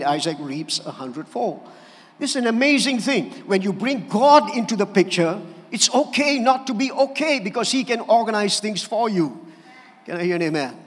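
A male pastor, preaching an animated sermon and calling for amens. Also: sits high. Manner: animated preaching with calls for amen. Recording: church hall reverb.

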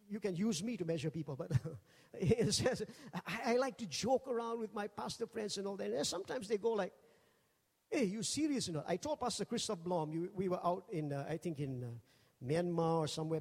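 A high-pitched man preaching from the pulpit, telling funny stories with lively energy. His voice rings out with a long hall reverb around it. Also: brisk, creaky. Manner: jokey, animated, acts out quoted voices. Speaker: pastor. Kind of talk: humorous storytelling sermon.

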